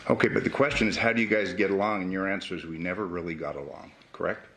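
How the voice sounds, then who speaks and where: A man's voice: low-pitched, steady tone, fast, fairly bright tone. A man, a defense attorney, cross-examining a witness in a courtroom, pressing with short questions that end in "correct?". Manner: pressing, repeats "correct?" to pin down answers.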